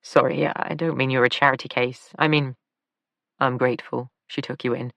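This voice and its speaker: A woman reading a tired, injured man who talks softly and apologetically in an audiobook. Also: extremely low pitch, fairly even intonation, normal speed, gravelly, no echo, exaggerated voice. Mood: weary.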